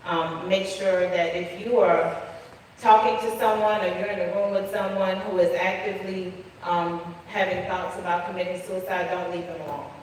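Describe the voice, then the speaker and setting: A woman's voice: lowish voice, fairly even intonation, normal speed, slight background noise. A woman on a discussion panel, firm and advising, with frequent ums. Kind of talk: panel talk giving advice. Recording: echoey hall, mic heard from a distance.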